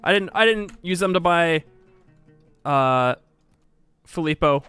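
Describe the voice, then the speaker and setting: A man's voice: on the high side, expressive, measured pace, fairly bright tone, smooth, faint music behind. A young man casually commentating his strategy game as a streamer, joking, laughing often and talking to himself and his chat.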